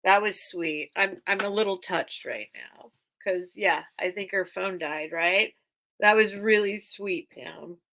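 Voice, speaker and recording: A woman's voice: medium pitch, takes it slowly, sharp tone, poor audio. A woman hosting a live online vintage sale, chatting casually and rambling as she reads comments and counts down bids. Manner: chatty, rambling, easily touched. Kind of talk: casual live-stream auction chat. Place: cluttered room at home.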